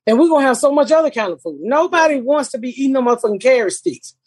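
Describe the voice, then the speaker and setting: A woman's voice: sits high, lively intonation, fast, husky, no echo. A woman hosting a podcast, talking bluntly and profanely in a brash, casual way. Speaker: podcast host.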